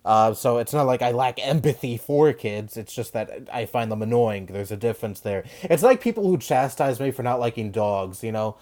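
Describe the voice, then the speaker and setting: A man's voice: medium pitch, expressive, normal speed, few pauses, a little mellow. Rambling, defensive young man commentator. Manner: rambling and defensive, with many fillers, restarts and mild swearing. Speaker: video commentator. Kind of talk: casual commentary reading and responding to an article.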